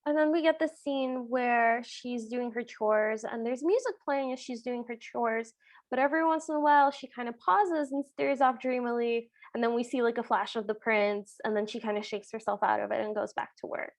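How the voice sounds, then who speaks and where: Bright, higher-voiced woman podcast co-host. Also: fairly even intonation, moderate pace, dry recording. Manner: chatty plot summary with frequent "like". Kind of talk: casual chat recapping a film.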